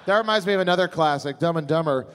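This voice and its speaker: A man co-hosting a live podcast, tossing in slow, joking asides. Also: on the high side, a bit bright. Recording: live stage with faint ambience.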